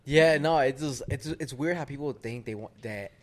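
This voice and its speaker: A man's voice: medium pitch, moderate pace. A man hosting a casual podcast, asking questions hesitantly and restarting his sentences. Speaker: podcast host.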